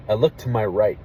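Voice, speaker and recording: A young man, an army veteran, telling a story casually and candidly, with plenty of swearing and a hushed drop in voice at the tense parts. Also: on the low side, dull audio, slight background noise. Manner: candid, profane, drops to a hush for tense moments.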